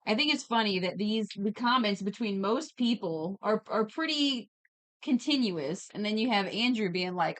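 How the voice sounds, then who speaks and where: A woman's voice: medium pitch, moderate pace, no echo. A woman streamer chatting casually while drawing, reading viewers' messages aloud with a giggly, playful manner. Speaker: streamer and digital artist.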